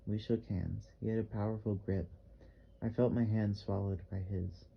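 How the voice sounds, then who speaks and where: A male audiobook narrator with a lowish voice, reading in the first person at a measured, even pace. The sound is dull and somewhat lo-fi, as if the highs are rolled off. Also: creaky, slight background noise.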